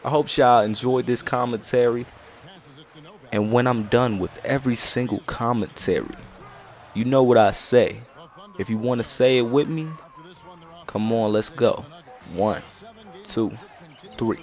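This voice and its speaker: A man's voice: mid-range voice, steady tone, normal speed, long pauses. Young man, slangy rambling story, gaming commentary. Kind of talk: casual storytelling over gameplay.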